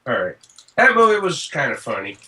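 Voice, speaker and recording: A man's voice: fairly high pitch, wildly swooping pitch, brisk, sharp tone, a little hiss or hum. A man from Michigan, joking and teasing his friends during a tabletop game. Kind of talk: casual chat at a tabletop game.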